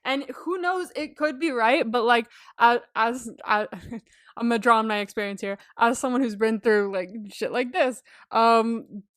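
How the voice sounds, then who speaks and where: A woman's voice: fairly high pitch, moderate pace, no room sound, clean studio sound. A woman co-hosting a podcast, chatting casually and expressively, often laughing and exclaiming. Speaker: podcast co-host. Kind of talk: casual recap chat.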